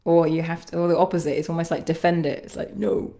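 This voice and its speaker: On a livestream, a female sound healer and coach walks listeners through reflecting on themselves in a halting, musing way, sighing and laughing at times. She speaks low, level and mellow.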